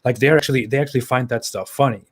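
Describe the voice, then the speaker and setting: Man, mid-pitched voice, halting delivery, lots of restarts, casual live-stream chat. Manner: halting, many restarts and fillers.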